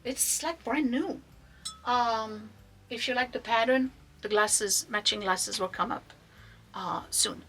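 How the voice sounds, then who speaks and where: A woman with a bright, crisp voice shows off vintage pieces from her shop in a chatty, enthusiastic way. She talks casually and now and then drops into soft asides. Faint music plays behind her. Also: a little high, slow. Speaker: online vintage shop owner. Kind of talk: casual product showcase.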